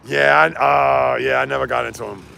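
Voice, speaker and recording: A man strolls outside while running a laid-back sports livestream, ranting and reading chat with animation. His mid-range voice moves at normal speed, with noticeable vocal fry.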